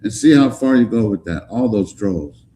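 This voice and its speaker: A man hosting a casual live stream, talking in animated, profane banter with bits of Spanish slang. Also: on the low side, moderate pace, crowd noise.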